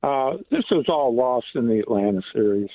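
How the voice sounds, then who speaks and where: A man's voice: medium pitch, animated, moderate pace, no echo. Male radio caller, blunt and sure of himself, tinny phone line. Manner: blunt and certain.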